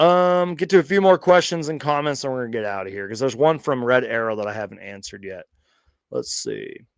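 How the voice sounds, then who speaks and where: A man's voice: medium pitch, very animated, fairly quick, smooth, no echo, clean studio sound. A man hosting a casual live question-and-answer stream, chatty and rambling, often restarting sentences and laughing along. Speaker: host of a fan live stream.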